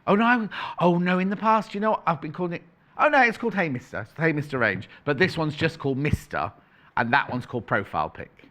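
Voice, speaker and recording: A man's voice: fairly high pitch, animated, fast talker, fairly bright tone. A man presenting on a shopping channel, chatting playfully in live sales patter, correcting himself and reading out prices as he goes.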